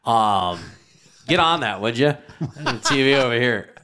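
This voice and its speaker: Bright-voiced guy cohosting a podcast, crude and excitable. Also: medium pitch, slow pace. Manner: crude, loud, excitable banter. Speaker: podcast co-host. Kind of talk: casual chat.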